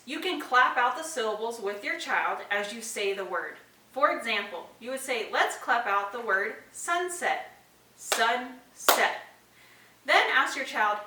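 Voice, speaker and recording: A woman's voice: fairly high pitch, pushed and bright, recorded from a distance. A woman presenting an instructional video to parents, explaining activities step by step with spoken examples. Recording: echoey room, voice a bit off-mic.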